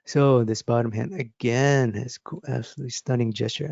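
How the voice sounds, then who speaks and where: A man teaching drawing, talking through his sketch step by step as he works, thinking aloud in a relaxed, encouraging way. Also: medium pitch, normal speed, creaky, dry recording, muffled recording. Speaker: drawing instructor. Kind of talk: live drawing demonstration.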